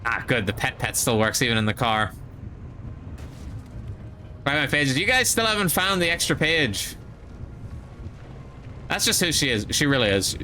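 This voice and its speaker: A young man streaming live, tipsy and chatting casually in a rambling, excitable way, full of restarts. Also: medium pitch, normal speed, long pauses, slight background noise.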